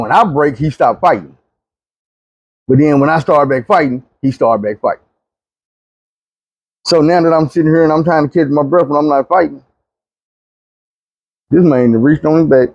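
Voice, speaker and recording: A man telling a long dream story, animated, dropping low and quiet when he pleads. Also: slightly rough, dry recording, lo-fi sound. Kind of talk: recounting a dream testimony.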